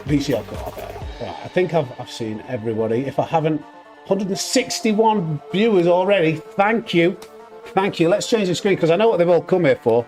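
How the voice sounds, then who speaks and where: A man's voice: a little high, expressive, a little mellow, soft background music. Upbeat man greeting his chat. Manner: upbeat, greets chat names in quick bursts, self-mocking. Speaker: sim racing streamer. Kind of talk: casual live-stream chat.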